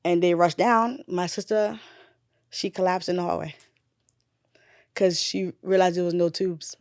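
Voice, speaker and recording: A woman's voice: on the low side, steady tone, measured pace, no room sound. Candid grieving woman, dry close sound. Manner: candid, swearing, drifts from loud retelling to quiet grief. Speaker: guest, nurse and bereaved mother. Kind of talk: emotional podcast conversation.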